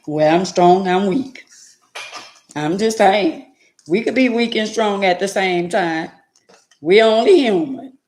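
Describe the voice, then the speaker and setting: A woman's voice: medium pitch, slow pace, long pauses, a little mellow. A middle-aged woman hosting a casual livestream, speaking in a heartfelt, preachy way and talking to viewers by name. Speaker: livestream host.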